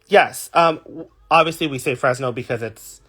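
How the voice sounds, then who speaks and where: A man's voice: mid-range voice, moderate pace, a bit bright, husky, soft background music. A young man from California, a drag performer, chatting casually on a livestream and reading viewer comments aloud.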